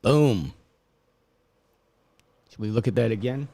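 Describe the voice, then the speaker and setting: A man's voice: medium pitch, slow, creaky, warm tone, no echo. A man co-hosting a casual referee talk stream, chatty and plugging the channel. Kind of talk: casual live-stream chat.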